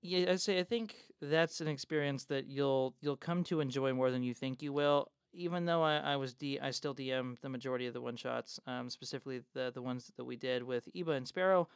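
A man's voice: medium pitch, a little fast, hardly any pauses, clean tone, dry recording, studio quality. A young man co-hosting a tabletop game podcast, joking and swearing freely in casual chat. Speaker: podcast co-host.

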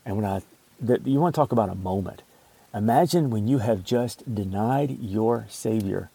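A man reading scripture aloud and pausing to explain it in a devotional teaching. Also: fairly low pitch, creaky, dark tone, slightly rough, dry recording. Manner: reads scripture aloud, then pauses to explain it. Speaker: Bible teacher.

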